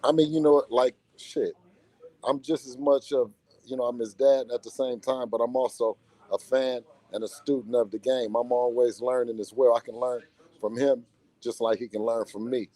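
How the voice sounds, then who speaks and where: A man talking casually in an interview as a boxer's father and manager, animated and slangy, often repeating himself. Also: medium pitch, moderate pace, no room sound.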